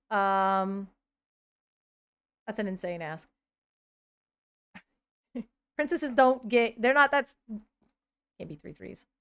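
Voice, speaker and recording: On a live stream, a woman in her thirties with a lowish voice chats casually, reacting out loud as she scrolls and occasionally letting out excited squeals.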